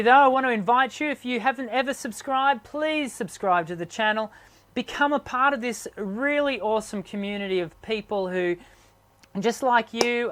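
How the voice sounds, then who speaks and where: A man hosting a live online chat as a singing teacher, his voice strained from sickness, talking haltingly with many ums and restarts. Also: sits high, fairly bright tone. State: sick, strained voice.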